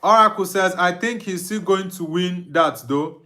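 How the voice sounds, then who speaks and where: With a high-pitched, sharp voice at normal speed, a young Nigerian man with Igbo-accented English hosts a live football watch-along. He reads out viewers' stream comments and responds, frequently laughing.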